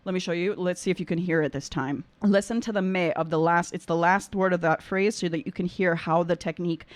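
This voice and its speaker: A woman's voice: lowish voice, steady tone, fairly quick, no echo. Enthusiastic woman vocal coach, dry sound. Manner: enthusiastic, effusive, sings short examples. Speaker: opera singer and vocal coach reacting. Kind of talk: casual reaction commentary with sung demos.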